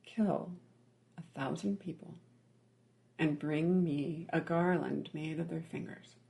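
A stern old male spiritual master issues a grave command, quoted by a meditation teacher. The voice is gravelly and deliberate. It stays close to the storyteller's natural mid-range pitch. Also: fairly even intonation, mellow.

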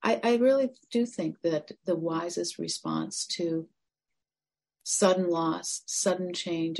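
A woman meditation teacher giving a gentle, reflective dharma talk that sometimes drops to a near-whisper. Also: lowish voice, takes it slowly.

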